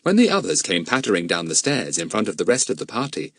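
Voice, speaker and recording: A man narrating a children's adventure audiobook in an expressive storytelling manner. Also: fairly low pitch, quick pace, husky, dry recording, studio quality. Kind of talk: scripted narration.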